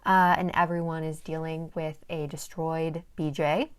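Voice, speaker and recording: A woman's voice: sits low, flat delivery, a little slow, smooth. A young woman casually recapping a novel's plot, chatty and dramatic, swearing and making asides, sometimes reading passages aloud. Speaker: book summary vlogger.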